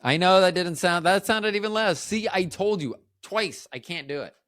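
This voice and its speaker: A man's voice: high-pitched, moderate pace, fairly bright tone, no room sound. A man hosting his own podcast, rambling and joking at his own expense, often losing his thread and starting over. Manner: joking, self-deprecating, trails off and restarts. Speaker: podcast host. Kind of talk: rambling solo podcast chat.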